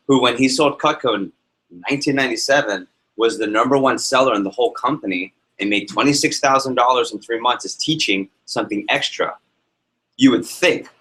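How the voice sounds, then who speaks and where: Poor audio captures a man with a medium-pitched voice at a live sales workshop in a meeting room. He gives an energetic motivational talk, telling stories and putting questions to the room.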